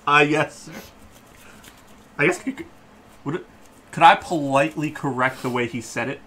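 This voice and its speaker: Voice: medium pitch, animated, a little fast, fairly bright tone, breathy edge. A player at a tabletop game, bantering with the game master and often laughing mid-sentence. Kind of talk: tabletop role-play banter.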